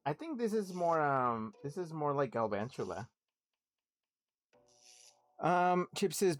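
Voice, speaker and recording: A man's voice: on the high side, animated, takes it slowly, long pauses, no room sound, faint music behind. A man streaming a video game, chatting casually, reading viewer messages aloud, laughing and humming along. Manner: laughs, hums, reads chat messages aloud. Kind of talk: casual livestream gaming commentary.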